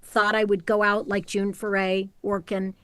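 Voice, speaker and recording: A middle-aged woman voice actor chats in an animated, storytelling way. She speaks at an ordinary pitch for a woman. Her voice is recorded close and dry in a small home booth. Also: normal speed, no room sound. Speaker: voice actor guest. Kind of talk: casual interview chat.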